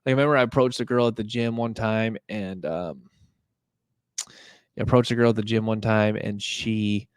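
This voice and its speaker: Young male podcast host, low and monotone, rambling casual talk, dry close mic. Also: moderate pace, clear, resonant tone, no room sound. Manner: rambling, full of fillers and restarts. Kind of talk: casual monologue.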